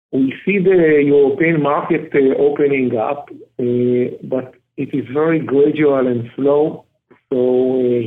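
An executive with an Israeli accent speaks in a flat, level tone, pausing often on fillers. His voice comes through a thin, phone-like line. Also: medium pitch. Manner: hesitant, many fillers. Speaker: company chief executive. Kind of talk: interview clip.

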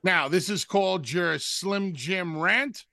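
A man's voice: high voice, slow pace, creaky, bright, forceful tone, no room sound, clean studio sound. A man co-hosting a radio show, teasing his partner with playful questions. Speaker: radio co-host.

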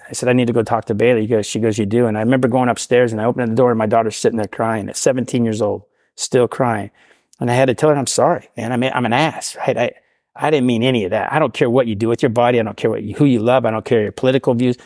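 A middle-aged man from the Portland area telling his recovery story in a casual, animated way, acting out the voices of the people in it. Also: mid-range voice, rapid-fire, dry recording, clean studio sound. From Portland, Oregon area. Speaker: guest sharing recovery story.

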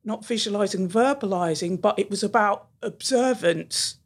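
Animated woman telling teaching stories. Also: medium pitch, normal speed, slightly rough. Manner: animated storyteller who acts out the people she quotes. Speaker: teacher and podcast guest. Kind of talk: storytelling in a podcast interview.

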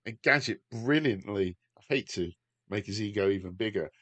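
A man's voice: lowish voice, moderate pace, a bit bright, breathy edge, no room sound. A man co-hosting a podcast, earnestly praising a colleague in casual talk. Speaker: podcast co-host. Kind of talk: casual banter.

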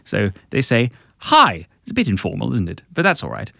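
Man playing a polite, fussy co-host; mild and halting, bouncy intonation, dry recording. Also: lowish voice, huge pitch swings, creaky, bright, forceful tone, no room sound, full character voice. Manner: polite, hesitant, fussy over manners. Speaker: podcast co-host. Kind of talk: improvised comedy podcast.

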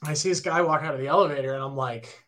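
A man in his thirties, a guitarist, telling a story in casual chat, animated and excitable, full of "like" and "right?". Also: fairly high pitch, fast talker.

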